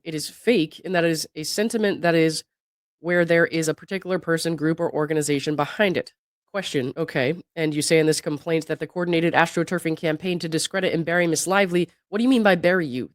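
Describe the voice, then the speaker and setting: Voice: medium pitch, no room sound, clean studio sound. A host who is sick, reading a deposition transcript aloud and breaking in with skeptical asides. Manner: reads quotes evenly, breaks in with skeptical asides and laughs. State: sick, voice not at its best. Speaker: legal commentary channel host.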